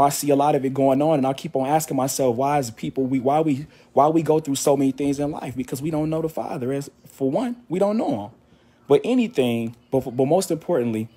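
A man's voice: mid-range voice, warm tone. A man giving an earnest, repetitive faith exhortation to his channel, a little out of breath from walking.

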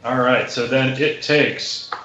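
A man's voice: steady tone, takes it slowly, pushed and bright, lo-fi sound. A man playing a tabletop game, playful and a little hesitant. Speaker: player. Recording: echoey low-fi sound with faint music.

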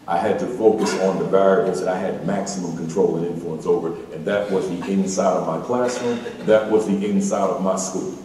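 A man's voice: sits low, fairly even intonation, fairly quick, hardly any pauses, dark tone, slight background noise. A man giving a motivational keynote speech to school staff, emphatic and repetitive, leading the audience in call-and-response chants. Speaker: motivational speaker at a school staff opening meeting. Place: large hall or auditorium. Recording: echoey hall, mic far off.

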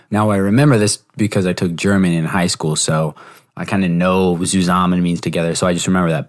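Young male tutor-host, very low voice, easygoing explainer with fillers. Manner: relaxed, explanatory, with fillers and self-corrections. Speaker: podcast host teaching exam prep. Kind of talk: casual spoken review lesson.

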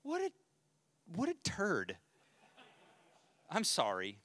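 Bright-voiced pastor teaching men. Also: male voice, high voice, huge pitch swings, slow pace. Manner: joking, conversational, reads scripture aloud. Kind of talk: casual Bible teaching. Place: church men's study group.

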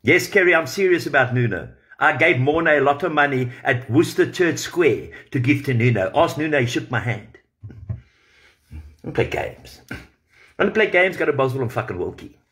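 A man in the middle of a livestream rant, jabbing at a rival and swearing freely. His voice sits at an ordinary middle pitch for a man, and he keeps it confrontational throughout. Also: expressive, moderate pace, a bit bright. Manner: confrontational and profane, addressing a rival directly.

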